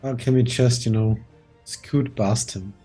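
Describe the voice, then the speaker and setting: Man, player, casual chat, mellow tone, hesitant. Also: mid-range voice, steady tone, unhurried, husky, faint music behind.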